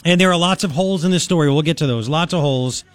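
A man's voice: on the high side, quick pace, no echo, soft background music. A man hosting a talk radio show, chatting and rambling in a casual monologue with lots of restarts.

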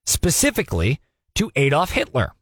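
Animated young male radio talk host. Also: on the high side, moderate pace, dry recording, studio quality. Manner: animated, sarcastic, mocking impressions with laughs. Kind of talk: conversational news commentary.

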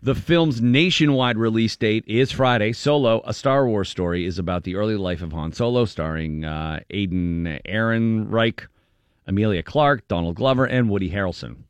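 A man's voice: fairly low pitch, normal speed, smooth, no room sound. A man hosting a casual radio show, reading entertainment headlines and joking, laughing often. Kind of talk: casual news banter.

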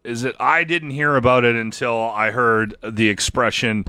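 A man hosting a casual morning radio show, chatty and animated, acting out what other people say. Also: medium pitch, moderate pace, dry recording. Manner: chatty, animated, acts out quotes.

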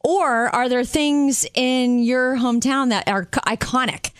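A woman's voice: high-pitched, unhurried, clean tone, no echo, studio quality. A woman from Florida co-hosting a radio show, chatting in an upbeat, storytelling way. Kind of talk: casual radio show chat.

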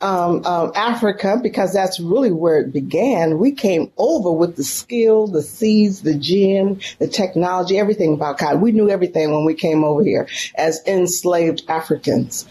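A woman's voice: fairly low pitch, moderate pace, few pauses, dark tone, slight background noise. A middle-aged woman from San Francisco, a professor telling an emotional story as a guest in an interview. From San Francisco, California.

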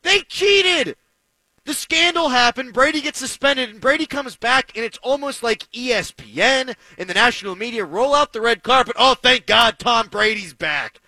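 A man's voice: very high voice, normal speed, sharp tone, no echo, rough recording. A man giving heated, sarcastic sports commentary, ranting with fired-up energy.

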